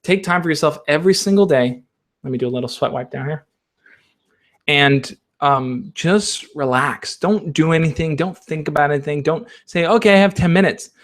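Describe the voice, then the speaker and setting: A man's voice: a little high, normal speed, fairly bright tone. Encouraging man hosting casual Q&A. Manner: encouraging, coach-like advice giving; conversational, checks in with listeners. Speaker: advice channel host. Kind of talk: casual Q&A livestream.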